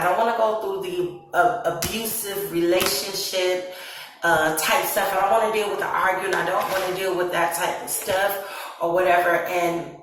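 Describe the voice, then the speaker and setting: A woman's voice: fairly low pitch, steady tone, moderate pace, a bit bright, distant mic, slight background noise. A woman tells her own story in a casual vlog. She laughs often and acts out her past reactions in quoted asides. Her voice sits back from the mic in a very echoey room. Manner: laughs often while telling a serious story. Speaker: vlogger.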